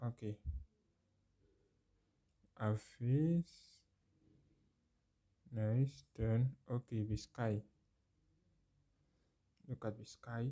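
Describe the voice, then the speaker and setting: A man's voice: medium pitch, fairly even intonation, extremely slow, long pauses, warm tone. A man hosting a phone tech tutorial, walking the viewer through steps, repeating phrases and exclaiming over the results. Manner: addresses viewer directly with questions. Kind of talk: screen-recorded how-to walkthrough.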